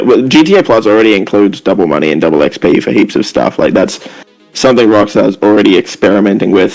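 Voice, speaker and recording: A man on an online group call, rambling and thinking out loud as a guest panelist. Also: lowish voice, gravelly, low-quality recording. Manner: rambling, leans on "like" while thinking aloud. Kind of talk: casual online group chat. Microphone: online call microphone.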